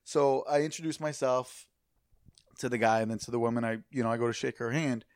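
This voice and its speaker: A man's voice: mid-range voice, fairly even intonation, a little fast, no echo, clean studio sound. A young man, a podcast co-host, telling a rambling, profane story in casual chat.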